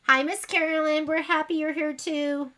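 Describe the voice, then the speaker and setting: A woman's voice: high-pitched, little pitch movement, moderate pace, pushed and bright. A woman hosting a sewing livestream, chatting casually and rambling to her viewers as she works. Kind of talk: casual chat while sewing.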